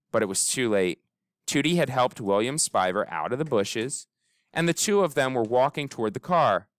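Animated male storybook reader. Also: medium pitch, moderate pace, no echo, clean studio sound. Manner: expressive, animated reading with character voices. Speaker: audiobook narrator. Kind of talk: storybook read-aloud.

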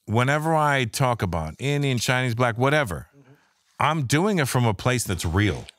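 A man, a stand-up comedian, telling stories in a casual podcast talk, animated and profane, acting out the people he quotes. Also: medium pitch, moderate pace, no room sound.

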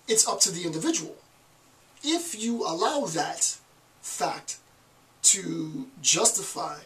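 A man's voice: a little high, a bit bright, distant mic, poor audio. A man from the United States giving a recorded lecture, asking himself rhetorical questions and answering them emphatically.

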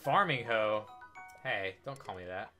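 A man's voice: on the low side, animated, unhurried, pushed and bright, faint music behind. A young man giving casual, joking commentary over his game playthrough, sarcastic and profane. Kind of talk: casual let's-play commentary.

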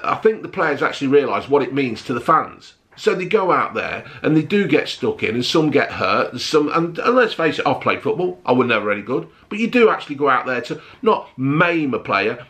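A middle-aged man, ranting bluntly to camera in a vlog, swearing heavily and flaring up loudly. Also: mid-range voice. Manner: blunt, heavy swearing, rising to shouty outbursts. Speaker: vlogger.

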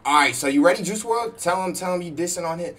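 A man's voice: high-pitched, lively intonation, fast talker. A man streaming a game, chatting in slang and egging other players on over voice chat. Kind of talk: gaming voice chat. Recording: noisy game audio.

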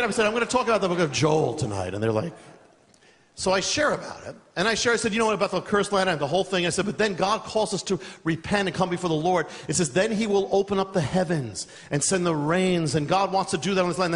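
A man preaching a sermon, telling a story with energy and laughing as he goes. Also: high voice. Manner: animated, laughing through a funny story. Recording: long reverb of a large hall.

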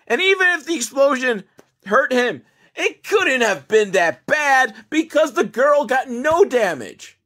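A man's voice: very high-pitched, very animated, a little slow, fairly bright tone. A man giving a casual, comedic movie recap, rambling and sarcastic with some swearing. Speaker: movie reviewer.

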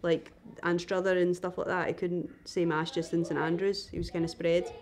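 A young woman with a Scottish accent, chatting as a guest, a lively storyteller who laughs often and acts out other people's voices. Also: fairly low pitch, moderate pace. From Scotland. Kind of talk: casual chat.

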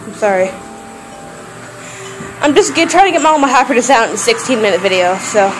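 A woman's voice: high-pitched, animated, very fast, over music. A young woman vlogging at home and outdoors, giddy and rambling, breaking into squeals and screams. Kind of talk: hyper solo vlog. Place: home kitchen, then outdoors in a yard. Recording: noisy home camera audio.

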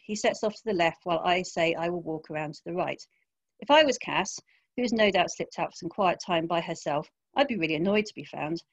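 A woman author reading her first-person crime story aloud in a wry, even narration over a video call. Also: lowish voice, no room sound, dull audio. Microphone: home computer mic, video call.

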